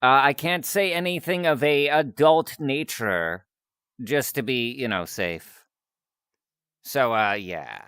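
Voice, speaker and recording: A man chatting casually with his stream audience while taking requests, talkative and quick to laugh at himself. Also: medium pitch, a bit bright, smooth, no echo, clean studio sound. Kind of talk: casual chat.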